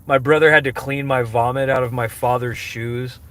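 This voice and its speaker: A man's voice: mid-range voice, fairly even intonation, moderate pace, a bit bright. A man chatting on a casual live stream, rambling and self-mocking, with lots of fillers and restarts. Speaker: livestreamer answering chat questions.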